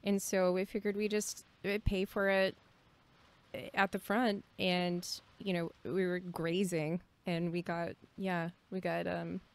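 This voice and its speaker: A woman co-hosting a podcast, chatting in a relaxed, teasing way. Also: fairly low pitch, measured pace. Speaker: podcast co-host. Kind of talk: casual chat.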